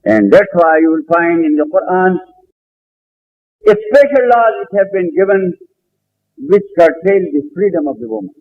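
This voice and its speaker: An older man delivers a religious lecture in earnest, emphatic tones, pausing and restarting as he retells a debate. His voice sits a little high for a man. The recording is muffled and lo-fi, like a 1970s lecture tape. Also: very animated. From South Asia. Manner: earnest, emphatic, recounts dialogue with pauses and restarts. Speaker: Islamic scholar lecturer.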